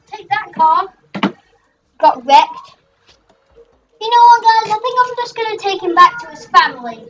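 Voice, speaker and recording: A young gaming host rambling through excitable let's play commentary, shrieking at what happens in the game. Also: extremely high pitch, moderate pace. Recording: dull, distant mic with faint music.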